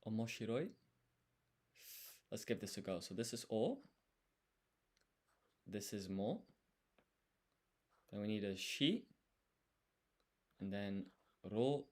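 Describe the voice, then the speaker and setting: A man's voice: lowish voice, animated, slow pace, pauses often, darkish tone. A man streaming his language study, talking himself through each step as he writes. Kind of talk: thinking aloud while writing.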